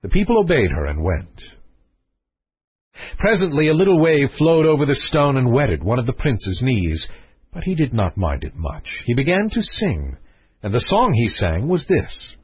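A man reading a fairy tale aloud as narrator, with an expressive, varied delivery and a husky voice. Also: mid-range voice, normal speed, dry recording, dull audio. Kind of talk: storybook reading.

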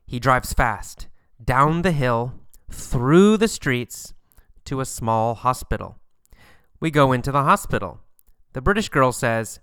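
A man narrating a scripted story for learners in a slow, deliberate, clearly enunciated way. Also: mid-range voice, animated, fairly bright tone, dry recording.

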